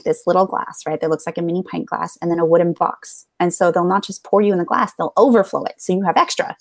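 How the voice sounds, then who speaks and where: A woman's voice: lowish voice, creaky, darkish tone, no echo. A young American woman chatting casually on a podcast, a bubbly storyteller who laughs often. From United States. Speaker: podcast guest. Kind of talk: casual chat.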